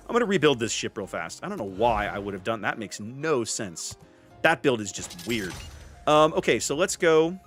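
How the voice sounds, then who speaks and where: A man's voice: mid-range voice, normal speed, faint music behind. A man hosting a casual gaming stream, chatting to his viewers and answering their comments as he plays. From US Gulf Coast. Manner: chatty, animated, reads chat names aloud. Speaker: streamer host.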